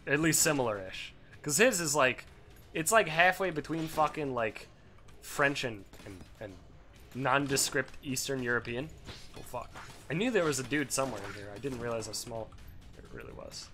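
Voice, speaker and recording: A young man hosting a let's play, rambling through casual gameplay commentary, swearing freely with excitable bursts. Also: medium pitch, moderate pace, soft background music.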